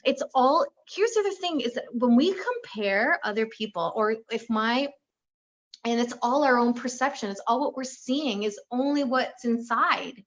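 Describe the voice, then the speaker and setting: A woman relationship coach talking in an interview, animated and acting out the voices of people she quotes. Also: a little high, normal speed, muffled recording. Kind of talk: conversational interview.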